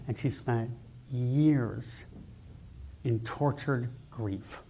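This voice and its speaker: Guy preaching in church on a mic, animated and jokey, tells stories. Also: mid-range voice, drawn-out words, slight background noise. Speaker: minister. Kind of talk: sermon. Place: church sanctuary, amplified on a mic.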